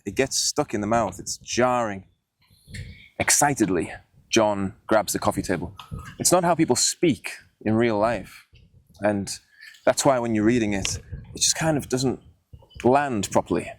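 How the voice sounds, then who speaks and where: A man's voice: lowish voice, dry recording. A young man hosting a writing video, explaining mistakes in his old story in a plain, self-critical way. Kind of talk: casual teaching monologue.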